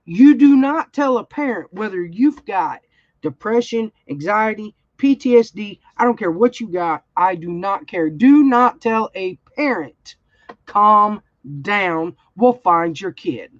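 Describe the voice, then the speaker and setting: A woman's voice: mid-range voice, animated, unhurried, a little mellow, dry recording. A woman, telling a story in a blunt, heated way during a casual livestream chat. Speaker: crafting channel host. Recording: dull, slightly lo-fi sound.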